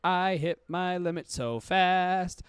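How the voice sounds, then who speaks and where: Man ranting in a smooth, raised voice. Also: high voice, takes it slowly, dry recording. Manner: profane, exaggerated ranting. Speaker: podcast host. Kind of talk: casual streamed commentary.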